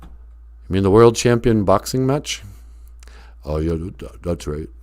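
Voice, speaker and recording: A man impersonating a confused, punch-drunk male action star with a low, slurred drawl. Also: lively intonation, measured pace, darkish tone. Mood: dazed.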